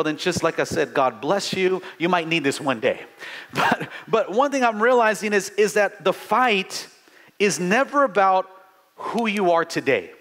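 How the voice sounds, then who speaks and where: A middle-aged man preaching a live sermon with fervent energy, stammering restarts and bursts of shouting. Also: sits high. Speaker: pastor.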